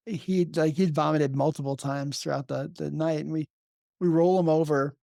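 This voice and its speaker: A man hosts a podcast and swaps emergency-room stories in a quick, chatty way. His voice is recorded close and dry, and laughing asides break into his telling. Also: fairly high pitch, darkish tone, dry recording. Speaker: podcast host, emergency nurse. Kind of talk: casual conversation.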